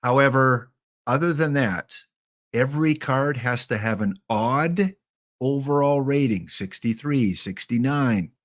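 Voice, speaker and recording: A man's voice: mid-range voice, lively intonation, a little slow. Sex: man. Role: chatty game streamer. Style: casual live-stream talk. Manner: chatty, joking, addressing chat by name.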